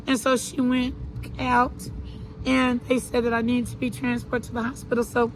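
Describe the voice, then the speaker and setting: A woman telling her own story to an interviewer in an earnest, halting way, repeating herself and restarting her sentences. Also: on the high side, flat delivery, slight background noise, poor audio. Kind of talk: personal account in an interview.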